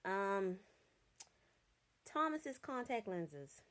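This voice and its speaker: A woman's voice: mid-range voice, very animated, drawn-out words, a bit bright. A young adult woman giving a casual, blunt and profane film review from her notes, sounding exasperated.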